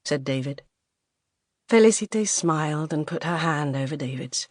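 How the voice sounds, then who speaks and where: A British woman narrating an audiobook in a measured, even manner. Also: deep voice, no room sound, clean studio sound. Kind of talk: scripted narration.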